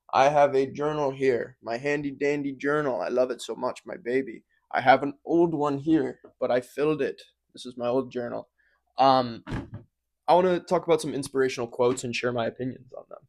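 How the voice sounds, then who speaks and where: A man talks to his viewers in a loose, offhand way, often stopping to correct himself or start over. His voice sits at an ordinary middle pitch and is picked up close to the mic. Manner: rambling, self-interrupting, offhand. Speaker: vlogger. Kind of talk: casual chat to camera. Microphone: close microphone.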